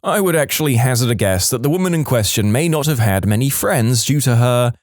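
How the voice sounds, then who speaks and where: A man reading reddit stories aloud in a lively storytelling manner. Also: medium pitch, brisk, no echo, studio quality. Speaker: narrator.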